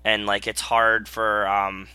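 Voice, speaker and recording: A man chats loosely about films, his speech full of fillers and easy laughter. His voice is very bright and forward, and the dry, close sound has almost no room echo. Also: fairly low pitch, flat delivery, slow, smooth. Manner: rambling, many "like" fillers, laughs often. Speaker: podcast co-host. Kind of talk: casual movie chat.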